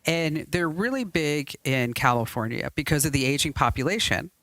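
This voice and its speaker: Lively, laughing woman podcast host. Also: low-pitched, normal speed, no echo. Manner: chatty, laughs often, lively storytelling. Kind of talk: casual studio banter. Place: podcast studio set.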